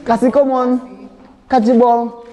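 A Barbadian woman caregiver leading play exercises with toddlers, giving slow, patient, repeated praise. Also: a little high, steady tone, warm tone, muffled recording. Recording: echoey room with faint noise.

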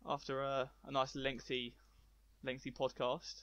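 A man chats on a podcast in a hesitant, laid-back manner, his pitch sitting in the middle range. The recording is dry and a little muffled. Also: completely flat delivery, measured pace, a bit bright, no room sound. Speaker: podcast co-host. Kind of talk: casual chat. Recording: slightly muffled audio.

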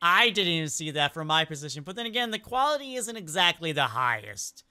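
A woman's voice: deep voice, a little fast. A young woman hosting a reaction video, chatting casually and exclaiming at funny clips. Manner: animated, exclaiming and questioning clips.

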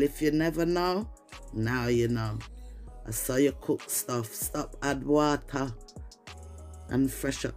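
Her voice extremely low and somewhat dark, a Jamaican-accented cooking vlogger chats with viewers in patois-tinged English during a relaxed recipe demonstration in her kitchen.

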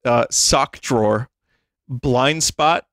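Slow laid-back guy streamer, cracking up reading stuff to chat, dry close sound. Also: medium pitch, fairly bright tone, no echo. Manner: amused, laughs often while reading a list aloud. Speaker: livestream host.

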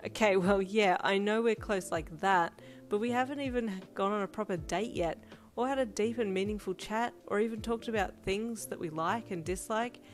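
A woman's voice: medium pitch, moderate pace, hardly any pauses, pitched above the performer's own voice, close to an everyday voice. A woman voicing a playful, affectionate young woman in a fan fiction audiobook, with lofi music underneath. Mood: teasing. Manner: teasing, fond. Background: lofi beat.

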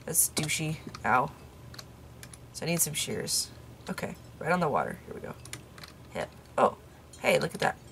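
Young woman, low voice, bouncy pitch, let's play commentary, rambling, self-mocking, muttered asides. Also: expressive, moderate pace, vocal fry, pauses often, a bit bright, slight background noise. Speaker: YouTuber playing a game. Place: room in her parents' home.

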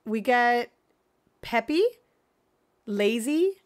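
Excitable high-voiced woman streamer. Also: extremely slow. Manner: excitable, swings from gasps to mock dread. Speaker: gaming streamer. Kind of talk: casual live gameplay chat.

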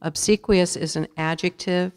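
A woman serving as a spelling bee pronouncer, reading words, definitions and sentences in a measured, formal way. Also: on the low side. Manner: measured, even, repeats each word clearly. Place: school auditorium. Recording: long reverb of a large hall.

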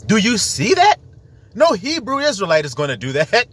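Male preacher, slightly high husky voice, emphatic and rambling. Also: huge pitch swings, normal speed, a bit bright, no echo. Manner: emphatic, rhetorical questions, rambling. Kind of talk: preaching monologue.

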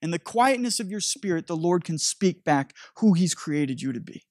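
A man's voice: a little high, expressive, normal speed, darkish tone, no room sound, clean studio sound. A man preaching a sermon as a pastor, telling a story animatedly with frequent restarts.

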